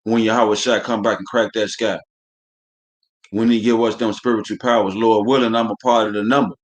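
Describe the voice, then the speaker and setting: A man with a lowish voice preaches scripture on a live stream, brisk and steady in tone yet heated and cussing. A religious teacher with a preachy manner, he keeps ending phrases with "man."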